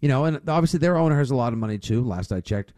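A man trading sarcastic jokes on a sports radio show. His pitch is mid-range for a man, and the voice comes across dry and close to the mic. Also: lively intonation, very fast, a little mellow, dry recording. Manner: sarcastic, riffs with jokes and mock quotes. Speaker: sports talk co-host. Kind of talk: casual sports radio chat.

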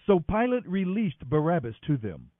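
A man doing a daily Bible reading in an expressive, dramatic manner. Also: fairly high pitch, normal speed, no echo. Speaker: scripture reader. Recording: thin phone-like sound, dry.

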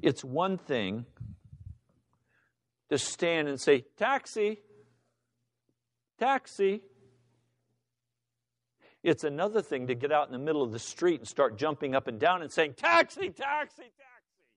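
A man preaching a sermon in a high, tenor-range voice. He is impassioned and acts out shouting characters as he tells his story, swinging between hushed lines and sudden cries. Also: moderate pace. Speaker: pastor.

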